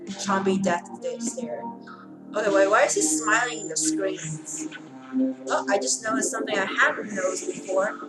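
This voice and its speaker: A woman hosting a reaction video in casual commentary, excitable and gushing, shrieking over her favorite. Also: mid-range voice, normal speed, low-quality recording. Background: loud trailer music.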